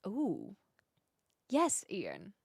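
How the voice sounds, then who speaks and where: A woman's voice: medium pitch, wildly swooping pitch, very slow, creaky, breathy edge, no room sound, clean studio sound. A woman live streamer chatting casually with her viewers, thinking aloud and laughing often. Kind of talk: casual live-stream chat, reading chat messages.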